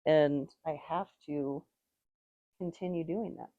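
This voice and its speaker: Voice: medium pitch, a little slow, vocal fry, long pauses, dry recording, narrow, tinny audio. A tarot reader giving a casual, rambling reading, with strong opinions and lots of "like" fillers.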